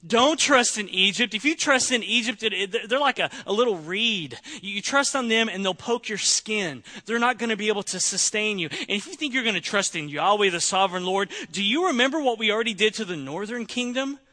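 A man's voice: high-pitched, expressive, brisk, few pauses, sharp tone, voice pushed up. A man voicing a boastful male Assyrian commander who taunts the city in a sermon retelling. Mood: taunting. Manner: taunting, mocking.

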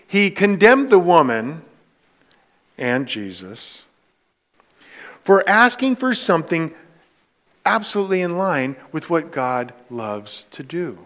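A man's voice: high voice, fairly bright tone. A man preaching a sermon to his congregation, emphatic and direct, asking rhetorical questions. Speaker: pastor.

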